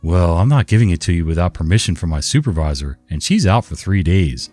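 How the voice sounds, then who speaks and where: A man's voice: low voice, animated, fairly quick, a little mellow, no echo, faint music behind, voice pushed down. A man voicing a stubborn, evasive male caller in a whiny, raised voice.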